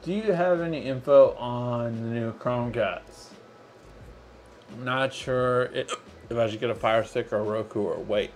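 A man's voice: medium pitch, a little slow. Tipsy male tech-show host, slurred speech, constant hiccups, mid-range voice, faint background noise. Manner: drunk, slurring words. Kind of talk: live tech show chat.

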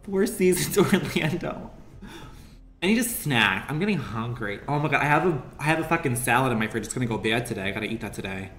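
This is casual gaming-stream chat from a man who giggles, swears and camps it up for his viewers. He's animated and fast, with a mid-range, fairly bright voice. There's roomy acoustics and faint background music.

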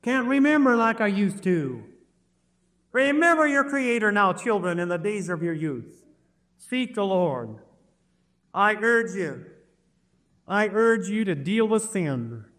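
High-pitched urgent preacher in a hall. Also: male voice, very animated, slow pace, pauses often, fairly bright tone. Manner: urgent pleading, repeating words for emphasis. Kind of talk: sermon. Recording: reverberant hall.

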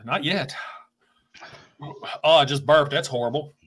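High, drawling man with stuffed nose. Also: measured pace, fairly bright tone, slightly rough. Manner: dramatic complaining, swearing, groaning. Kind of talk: casual chat while eating spicy chips on camera.

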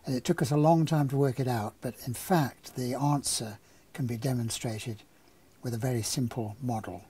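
A man's voice: mid-range voice, normal speed, breathy edge. An older man, an engineer, telling an anecdote and then explaining a problem with a live model demonstration. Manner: anecdotal, relaxed storytelling.

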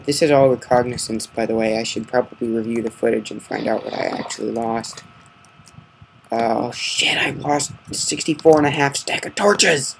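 A man talks through his game session in a casual commentary voice. He swings between hushed muttered swearing and sudden loud, exasperated outbursts. His voice sits at an ordinary middle pitch over a faint hiss. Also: poor audio. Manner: muttering curses under his breath, then loud outbursts. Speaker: gamer narrating his gameplay. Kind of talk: casual Let's Play commentary.

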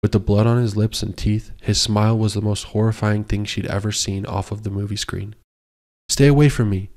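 Guy narrating a romance audiobook, lowish voice, steady reading. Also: fairly quick. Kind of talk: scripted narration.

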